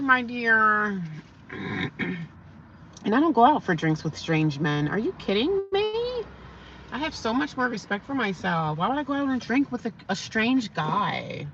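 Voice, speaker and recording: A woman's voice: medium pitch, pushed and bright. A young woman chatting casually on a livestream, reading viewers' comments aloud and answering them. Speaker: livestream host. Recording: slightly dull lo-fi sound with faint background noise.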